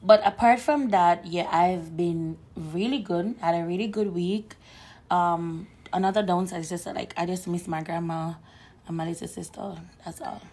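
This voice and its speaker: A woman co-hosting a podcast in casual chat, her voice hoarse from shouting, telling stories with lots of fillers. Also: on the low side, normal speed. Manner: chatty, animated storyteller with frequent fillers. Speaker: podcast co-host.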